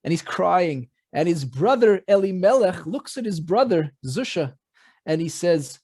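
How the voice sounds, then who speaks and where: A man with a high-pitched voice tells an old story in an easy, conversational manner, pausing and restarting as he goes. He speaks as a rabbi addressing a community gathering. The sound is dry and close, with little room around it. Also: animated, a little mellow, husky, no echo. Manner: conversational, many fillers and restarts. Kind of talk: oral storytelling.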